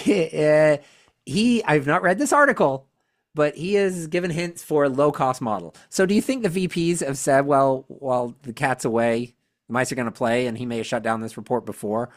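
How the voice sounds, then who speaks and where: A podcast co-host in a casual chat, sarcastic and quick to laugh. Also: medium pitch. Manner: animated and sarcastic, laughs often.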